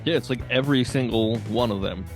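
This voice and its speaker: A man's voice: medium pitch, a little fast, faint music behind. A man co-hosting a podcast, chatting casually and joking, with fillers and hesitations. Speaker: podcast co-host. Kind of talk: casual chat.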